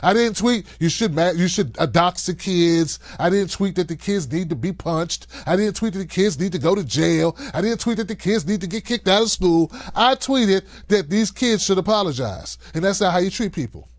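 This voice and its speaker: Man, commentary host, sarcastic and emphatic, high voice, dry close sound. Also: expressive, moderate pace, few pauses, no echo. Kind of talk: political commentary monologue.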